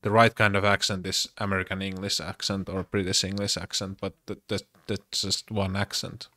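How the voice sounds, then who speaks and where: A man's voice: sits low, flat delivery, normal speed, sharp tone, no echo, studio quality. A man from Finland with a Finnish accent, talking casually in English with many fillers and restarts. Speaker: podcaster. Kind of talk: casual monologue.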